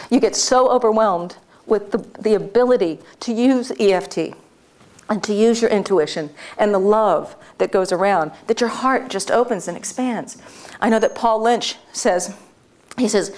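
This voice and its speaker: A woman's voice: mid-range voice, normal speed, darkish tone. A woman presenting a live workshop to an audience, chatty and informal, with lots of fillers and restarts and frequent laughter. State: tearful.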